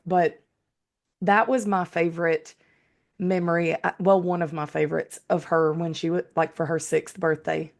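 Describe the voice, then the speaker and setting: A woman's voice: deep voice, creaky, a little mellow. A woman, co-hosting a podcast in an easygoing, earnest way. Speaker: podcast co-host. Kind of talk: casual chat.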